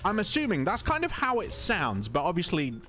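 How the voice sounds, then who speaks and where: A man with an English accent talks through his gameplay in a relaxed, conversational way, his voice sitting a bit high and swinging freely up and down. He stays polite and easygoing, with faint music playing underneath. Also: a little fast. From England. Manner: calm, conversational, polite even when insulted. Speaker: gaming video host. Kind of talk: casual gameplay commentary.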